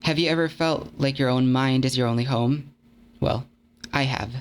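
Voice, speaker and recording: A man's voice: medium pitch, normal speed, smooth. A young man narrating a video essay in an earnest, conversational, slightly self-deprecating way. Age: young adult.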